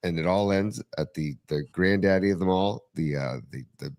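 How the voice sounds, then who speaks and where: Man, lowish voice, excitable rambling sports podcast co-host. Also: moderate pace. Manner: enthusiastic, rambling with restarts. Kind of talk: casual sports chat.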